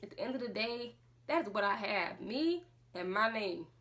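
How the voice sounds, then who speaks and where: A woman's voice: mid-range voice, animated, moderate pace, a bit bright. A woman vlogging a casual monologue to camera, speaking with passion and firing off rhetorical questions. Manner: impassioned, full of rhetorical questions.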